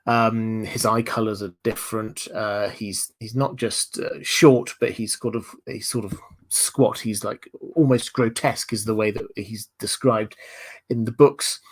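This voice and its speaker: A man's voice: on the low side, steady tone, unhurried. Man hosting a lore livestream. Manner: thoughtful, analytical explainer reading viewer chat. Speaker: livestream host. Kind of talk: live-streamed lore discussion.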